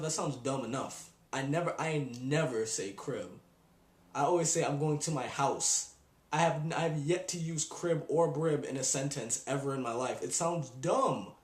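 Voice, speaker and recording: A young man ranting on his video blog in an exasperated, animated way. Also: medium pitch. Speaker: vlogger. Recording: echoey room.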